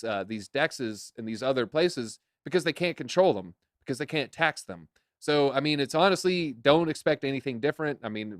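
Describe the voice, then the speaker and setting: Dude riffing on crypto news, jokey, talks about himself a lot, dry close mic. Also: male voice, mid-range voice, fairly bright tone, no room sound. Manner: chatty, jokey, self-deprecating. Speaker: crypto show co-host. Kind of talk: casual live-stream commentary.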